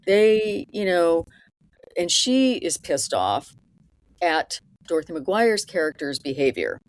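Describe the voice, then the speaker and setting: A woman's voice: lowish voice, big pitch swings, slow. A woman co-hosting a casual film discussion podcast, analyzing characters and backing her partner with frequent murmurs of agreement. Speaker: podcast co-host.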